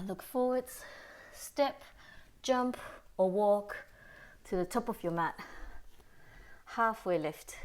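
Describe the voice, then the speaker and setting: A woman yoga teacher guiding a class through poses and breaths, calm and steady, a little out of breath. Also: mid-range voice. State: slightly out of breath. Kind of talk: guided yoga class instruction.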